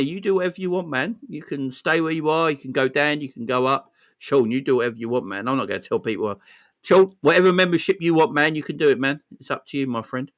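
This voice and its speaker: A man hosting a casual football fan livestream, excitedly shouting out viewers by name. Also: a little high, quick pace. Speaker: livestream host.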